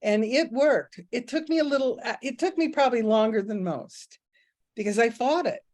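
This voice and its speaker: A woman's voice: fairly high pitch, normal speed, darkish tone. A middle-aged woman giving a casual spiritual talk, candid and self-mocking, telling stories from her own life and laughing often. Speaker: spiritual teacher.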